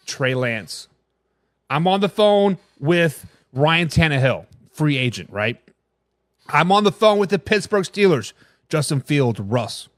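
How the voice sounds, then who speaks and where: A man's voice: fairly bright tone, no room sound, studio quality. A man hosting a live NFL talk stream, brash and opinionated, reading fan comments and answering them directly. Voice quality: high, twangy voice. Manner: brash, opinionated, talks straight to chat. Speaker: sports talk show host.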